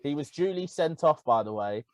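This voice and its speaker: A man's voice: a little high, normal speed, no room sound, poor audio. A man co-hosting a casual football podcast, telling stories animatedly. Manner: animated storytelling, laughing. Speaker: podcast co-host.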